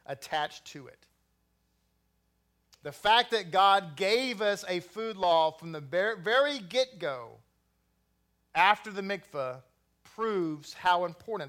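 Male preacher from Texas, high, bright voice, chatty delivery full of asides. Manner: conversational preaching with asides and restarts. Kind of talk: sermon.

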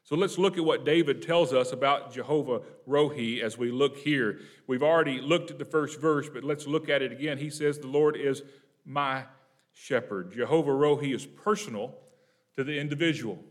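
Conversational male preacher teaching a psalm. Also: medium pitch. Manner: conversational, asks the congregation questions; reads scripture slowly and emphatically. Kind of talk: evening Bible teaching.

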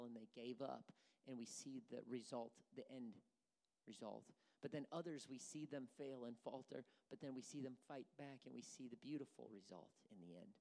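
A pastor preaching a sermon with passion, moving between hushed and forceful delivery. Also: mid-range voice. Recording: long reverb of a large room.

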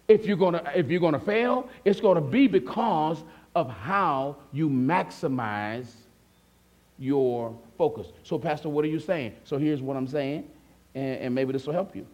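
High-voiced guy pastor preaching, chatty, keeps asking the church if they're with him. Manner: conversational, asks the congregation questions; acts out listeners' replies in a softer voice. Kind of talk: sermon.

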